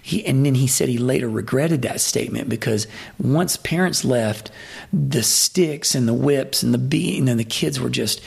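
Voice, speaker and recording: A Hollywood fight trainer tells profane, rambling, animated anecdotes in a casual podcast interview, restarting himself often. His medium-pitched voice is gravelly and slightly rough, at normal speed.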